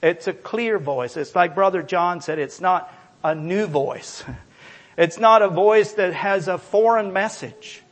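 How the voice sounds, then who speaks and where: Male pastor, high voice, measured delivery; emphatic sermon with scripture reading. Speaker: preacher.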